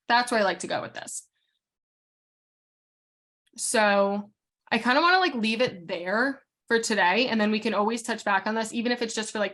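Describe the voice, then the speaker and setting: A woman leading a casual training session as a real estate coach. She is frank and talks quickly, full of fillers and restarts. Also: medium pitch, a bit bright.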